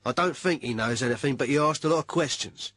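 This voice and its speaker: A man's voice: medium pitch, fast talker, fairly bright tone, no room sound, natural voice. A man acting an anxious man who phones a friend, nervous and apologetic.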